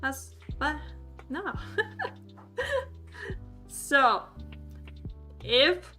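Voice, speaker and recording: Giggly high woman teaching. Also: expressive, drawn-out words, bright, forceful tone, faint music behind. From Sweden. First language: Swedish. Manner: giggly, laughs often, playful and chatty with chat. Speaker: streamer teaching a language class. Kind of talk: livestreamed language lesson.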